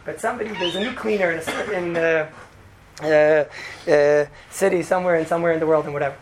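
A man giving an informal religious talk to a group, telling a rambling, animated story full of "right?" asides. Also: fairly high pitch, fast. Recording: noisy background hiss.

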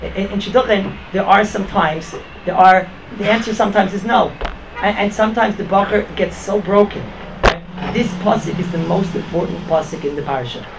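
A man's voice: high-pitched, creaky. A man teaching an informal Torah class, talking conversationally with emphatic repetitions, constant "right?" and Yiddish and Hebrew words. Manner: rapid, conversational, peppered with 'right?' and Yiddish and Hebrew terms. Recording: noisy background ambience.

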